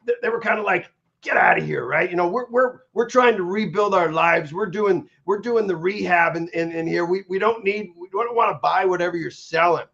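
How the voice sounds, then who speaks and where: A middle-aged man speaks with energy and candor about surviving a stroke, his fairly high voice roughened by a gravelly fry. He often stumbles and repeats words as he gets going. The recording sounds dull and lo-fi. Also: a little fast, hardly any pauses. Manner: energetic, repeats words when starting sentences. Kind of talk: candid interview talk. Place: in Los Angeles area. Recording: muffled lo-fi audio.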